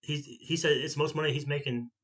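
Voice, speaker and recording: Fifties male vlogger, bright forward tone, casual rambling chat. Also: on the high side, steady tone, brisk. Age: 50s. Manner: rambling storyteller who repeats and restarts himself.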